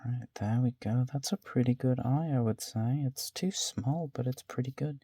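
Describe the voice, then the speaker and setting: A man's voice: medium pitch, normal speed, hardly any pauses, dark tone, husky, no room sound, clean studio sound. A man casually narrating to himself as he draws, self-deprecating and swearing now and then, often trailing off into a whisper. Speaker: drawing vlogger. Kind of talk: casual narration while sketching.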